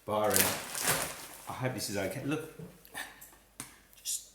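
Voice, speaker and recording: A man's voice: on the low side, slow pace, roomy sound, a little hiss or hum. A man hosting a live cooking stream, chatting as he works and laughing at his own slip-ups, filmed on a phone on a small tripod. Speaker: cooking livestream host.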